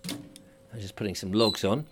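A man's voice: fairly low pitch, measured pace, heavy background noise. A middle-aged man in a casual audio diary, rambling and chatty while he potters in his kitchen. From England. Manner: rambling, chatty, self-amused. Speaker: podcast host. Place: home kitchen by a stove.

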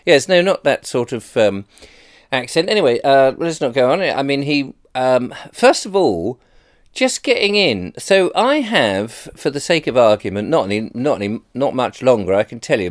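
A middle-aged man with an English accent, talking to camera in a chatty, rambling and self-deprecating way. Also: on the low side. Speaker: vlogger. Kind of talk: casual monologue vlog.

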